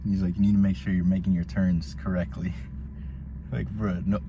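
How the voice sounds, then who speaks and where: A man's voice: sits low, brisk. A young man ranting casually and profanely from his car, rambling with constant "bro" and "like". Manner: profane, excitable, heavy use of "bro" and "like". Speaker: vlogger recounting driving incidents. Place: inside a car. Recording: dull lo-fi sound with loud road noise.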